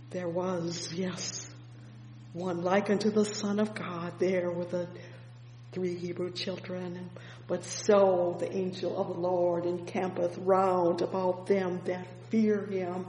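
A woman preaching a fervent sermon, breaking in with "oh, yes" and "praise the Lord" as her voice swings between loud and hushed. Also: fairly low pitch, flat delivery, slow. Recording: echoey hall with long reverb, faint hum.

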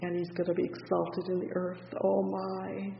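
A preacher giving a fervent sermon on a psalm, reading scripture in slow, drawn-out phrases and repeating praise between the verses. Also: mid-range voice, completely flat delivery, creaky. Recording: dull, echoey hall recording with faint hiss.

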